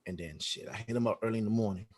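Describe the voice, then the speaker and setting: Speaking very fast in a fairly low voice, a man recounts a story as a guest on a podcast. The interview is casual, and he acts out every quoted line with lively energy, lots of slang and frequent swearing.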